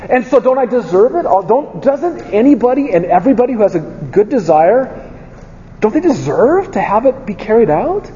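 A man's voice: very high voice, sing-song, moderate pace, dark tone, slight background noise. A man preaching a conversational sermon, telling candid stories from his own life and asking his listeners rhetorical questions. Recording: dull lo-fi sound with long hall reverb.

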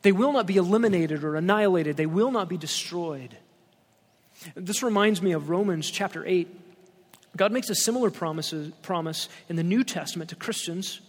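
High-voiced preaching man, echoing hall. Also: normal speed. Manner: emphatic, reads scripture aloud with rising stress. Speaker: pastor. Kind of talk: expository sermon.

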